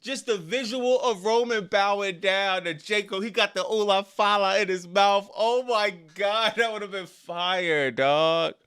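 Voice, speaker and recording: On a live wrestling reaction stream, a man reads the chat aloud in an unhurried, smooth flow with hardly any pauses. He alternates between excited shouting and quiet, frustrated grumbling, speaking casual slang that frequently ends in "dog" or "bro".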